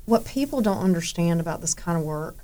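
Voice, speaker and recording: A woman's voice: lowish voice, animated, brisk, dark tone. A woman co-host responding earnestly in a casual interview.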